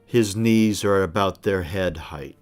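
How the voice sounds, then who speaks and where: Slow, low-voiced man running a game. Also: faint music behind. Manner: unhurried, descriptive, with some hesitations. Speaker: game master. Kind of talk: narrating a tabletop game.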